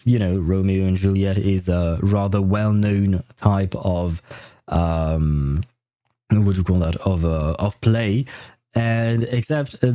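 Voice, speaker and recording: Mellow-voiced chatty male game streamer. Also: mid-range voice, no echo. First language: French. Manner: rambling, chatty, laughs often. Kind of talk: casual livestream chat.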